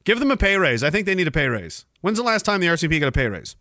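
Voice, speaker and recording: A man's voice: a little high, big pitch swings, very fast, bright, forceful tone, no room sound, studio quality. A young man hosting a livestream, ranting casually and sarcastically with lots of swearing while reading viewer chat. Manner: profane, sarcastic, acts out mocking voices.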